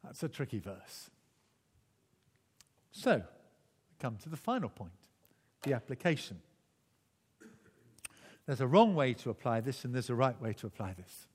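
A man preaching a sermon in a relaxed, conversational way, often restarting phrases and chuckling. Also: mid-range voice, a little slow, long pauses, slightly rough, long reverb tail.

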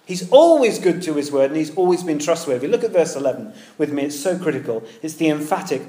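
A man delivers a sermon in a lively, conversational manner, weaving in everyday comparisons. His voice sits fairly high for a man. The sound carries a noticeable room echo. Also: fast talker, few pauses. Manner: lively, conversational with pop-culture asides. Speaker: preacher. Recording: echoey room.

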